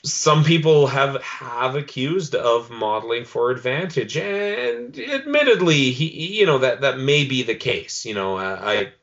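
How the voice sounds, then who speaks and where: A man's voice: mid-range voice, animated, unhurried, gravelly, few pauses, fairly bright tone, dull audio. A man co-hosting a podcast in casual chat, ranting with lots of swearing and "um"s. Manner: ranting, profane, many fillers. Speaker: podcast co-host.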